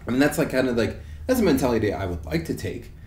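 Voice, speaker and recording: A man's voice: medium pitch, very animated, fast talker, a little mellow. A young man hosting a casual podcast, rambling and swearing with many restarts and fillers. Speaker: podcast host. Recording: echoey room with faint hiss.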